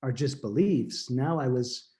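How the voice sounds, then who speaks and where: Earnest, halting man with a mellow voice. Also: medium pitch. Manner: earnest, halting with frequent restarts. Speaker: podcast guest. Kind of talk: emotional personal storytelling.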